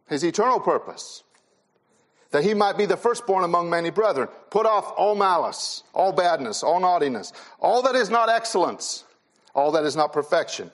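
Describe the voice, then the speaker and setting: A male pastor with a fairly high voice delivers an earnest sermon to a youth gathering. He hammers key phrases through repetition. At times he sinks quiet and low with sorrow.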